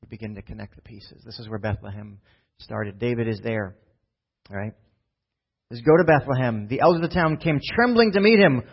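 A man's voice: mid-range voice, normal speed, vocal fry, husky. A male pastor giving a conversational sermon, often asking "right?" and acting out scenes from the text in voices. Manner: animated, often asks "right?" and acts out Bible scenes in voices. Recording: dull lo-fi sound.

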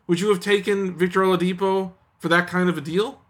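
A man's voice: high voice, little pitch movement, fairly quick, a bit bright. Guy hosting a sports podcast, dry and sarcastic, hammering points one after another. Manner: sardonic, emphatic lists. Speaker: podcast host. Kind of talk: casual sports chat.

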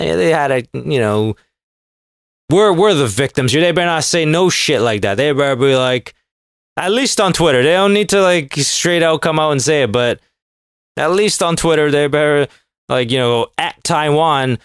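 A man delivering a casual comedic rant, sarcastic and profane, mocking people with quick put-on voices. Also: a little high, a bit bright, clear, resonant tone, dry recording, clean studio sound.

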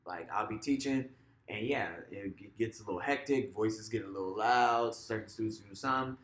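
A man, a teacher co-hosting a podcast, talking in a relaxed way full of "like" and "you know," sometimes acting out what he says in class. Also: fairly low pitch, moderate pace, roomy sound. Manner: relaxed, filler-heavy, acts out classroom voices. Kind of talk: casual conversational chat.

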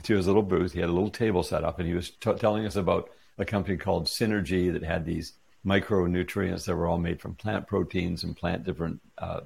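Middle-aged man, storytelling guest: deep, husky, gravelly voice, acts out the quoted lines. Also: quick pace, few pauses. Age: 40s or 50s. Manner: animated retelling with quoted dialogue. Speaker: interview guest. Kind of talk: casual storytelling.

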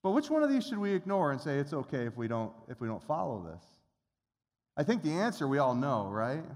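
Middle-aged man pastor, slightly high voice, earnest sermon, long church reverb. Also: big pitch swings, brisk, darkish tone. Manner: earnest, conversational preaching with repeated restarts. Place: church sanctuary.

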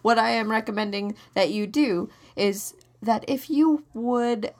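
A woman's voice: on the high side, a little slow. Earnest woman podcast host explaining. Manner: earnest, explains at length with many restarts; dry, mildly exasperated with her partner's jokes. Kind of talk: casual chat.

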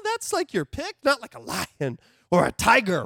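A male pastor preaching a sermon in an animated, conversational way, swinging from loud outbursts to hushed asides. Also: high voice, normal speed, gravelly, no echo, clean studio sound.

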